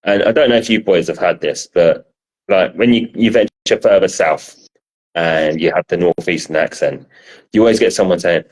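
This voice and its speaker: A man's voice: deep voice, normal speed. A man with a South London accent co-hosting a podcast in casual chat, teasing and self-deprecating, with some swearing. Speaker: podcast co-host.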